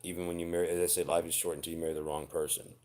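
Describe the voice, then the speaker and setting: A very low-pitched man in his forties talks straight to his viewers about relationships. He is blunt and swears freely, but his advice comes across as earnest and heartfelt. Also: flat delivery, very fast, a little mellow. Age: 40s. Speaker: vlogger. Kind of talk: unscripted personal monologue.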